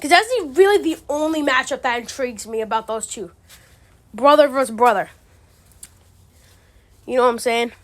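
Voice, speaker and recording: A woman's voice: high-pitched, normal speed, long pauses. A woman giving casual, ranting commentary, exasperated and profane, full of slang. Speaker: MMA commentary channel host.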